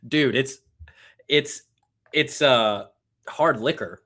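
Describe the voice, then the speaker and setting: A man's voice: medium pitch, lively intonation, a little slow, fairly bright tone. An American man rambles through a live stream, cracking jokes at his own expense. His talk is loose and casual, like someone having a drink on air. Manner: joking, rambling, self-mocking.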